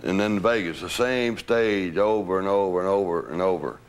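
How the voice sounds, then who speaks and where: An older man being interviewed, telling lively anecdotes with laughter and the odd curse. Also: low-pitched, normal speed, a little hiss or hum. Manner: animated storyteller, laughs, swears. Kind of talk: recounting stories.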